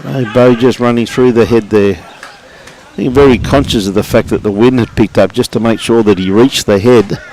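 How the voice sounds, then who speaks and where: An older Australian man calling live lawn bowls, easygoing and matey, greeting viewers by name between shots. His voice sits at an ordinary middle pitch, with a faint hum of outdoor ambience underneath. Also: steady tone, normal speed, few pauses, darkish tone, rough recording. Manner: chatty and matey, greets online viewers by name, chuckles often. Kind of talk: live sports commentary. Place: outdoor bowls club green.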